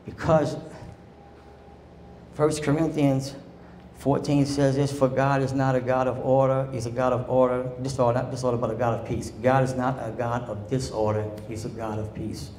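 A man's voice: medium pitch, flat delivery, moderate pace, darkish tone, echoey room. A male pastor preaching in a church sanctuary, his voice ringing around the room and carrying faint ambient hum behind it. He talks in a call-and-response style, asking the congregation to answer him. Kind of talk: sermon.

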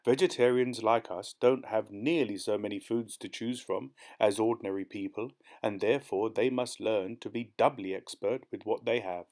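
A man's voice: lowish voice, normal speed, hardly any pauses, a little mellow, close to an everyday voice. A man voicing a doting elderly aunt of nearly eighty, fond and coaxing in tone in a storybook reading. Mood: disdainful.

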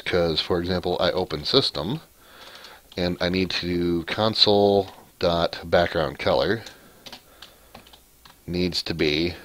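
A man's voice: deep voice, fairly bright tone, no room sound. A man hosting a casual screencast coding lesson, thinking aloud as he types, rambling and often correcting himself. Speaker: programming tutorial host.

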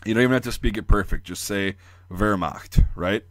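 A young American man talks casually with a lowish voice, rambling on and freely sharing his opinions. The sound is dry and close, with no room echo. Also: fast talker. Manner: rambling, filler-heavy, opinionated. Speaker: militaria channel host. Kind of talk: casual explainer talk.

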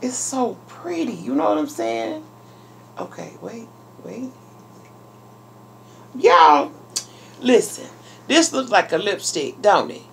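A woman vlogger chatting casually while unboxing a package, talking excitedly to her viewers. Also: fairly high pitch, creaky, a little hiss or hum. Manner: chatty and exclamatory, addressing viewers as y'all. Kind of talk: casual unboxing vlog chat.

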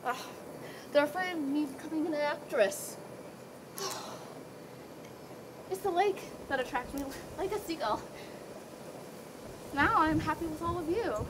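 An eager young would-be actress, dreamy and breathless, as a woman plays her on stage. Her voice is high and bright with quick shifts of feeling. Clear outdoor ambient noise hangs around the open-air recording. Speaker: stage actor. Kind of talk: outdoor stage play performance.

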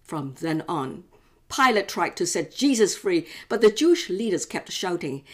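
A woman hosting a daily devotional, reading scripture in a measured, clear way. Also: fairly low pitch, very animated. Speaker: devotional host.

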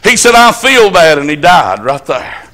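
Man, preacher, high-pitched, folksy emphatic storytelling sermon. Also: big pitch swings, measured pace, pushed and bright. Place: church service.

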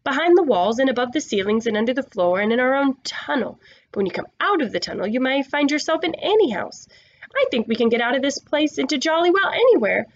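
A woman voicing an eager young schoolboy who is full of ideas and talks excitedly. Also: high-pitched, fast talker, dull audio, slight background noise.

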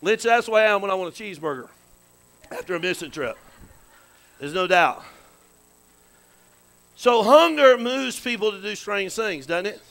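A man preaching in a church, his voice pitched high and ringing bright. He keeps it folksy, tossing questions and amens to the congregation. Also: expressive, normal speed, gravelly, long pauses, poor audio. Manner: folksy, calls to the congregation with frequent "amen" and questions. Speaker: pastor. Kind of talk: sermon. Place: church sanctuary.

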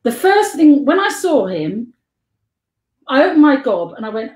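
A woman's voice: high-pitched, sing-song, measured pace, long pauses, a little mellow. An older woman with a London accent telling rambling anecdotes as a guest on a video call, chatty and giggly, jumping between tangents. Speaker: guest and life model. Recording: echoey room on a live stream.

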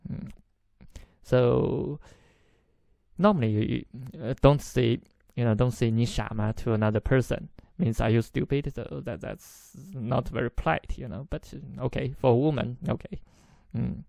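A man's voice: mid-range voice, steady tone, normal speed, vocal fry, warm tone, no room sound. A man whose first language is Chinese teaches a podcast language lesson, explaining patiently, repeating phrases and chuckling now and then.

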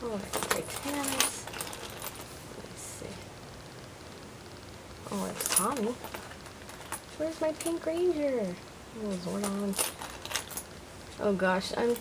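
A woman's voice: medium pitch, slow, pauses often. A woman chatting casually and nostalgically while showing off her old toy collection at home. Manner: chatty and nostalgic, thinking aloud. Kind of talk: casual show-and-tell. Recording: noisy home recording.

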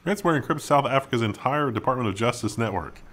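A man's voice: mid-range voice, expressive, fast, a bit bright. A man co-hosting a tech news show, reading headlines and adding dry, wry remarks. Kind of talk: reading headlines, then commenting.

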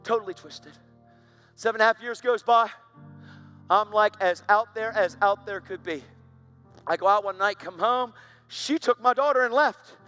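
Man, preacher, high voice, intense storytelling, sermon testimony. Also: moderate pace, long pauses, bright, forceful tone, faint music behind.

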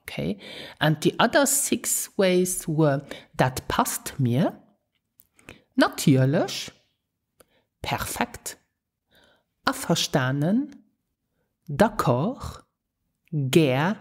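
A woman with a breathy voice teaches a podcast language lesson and takes her time over each phrase. Her pitch sits a little low but swings widely as she repeats words for learners to copy. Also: big pitch swings. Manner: slow, careful drills of words and phrases. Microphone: podcast microphone.

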